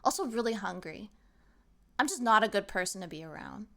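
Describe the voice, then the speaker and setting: Speaking at medium pitch and a fairly quick clip, with a creaky edge, a young woman streamer banters casually with her chat. She's energetic and occasionally acts out what people say.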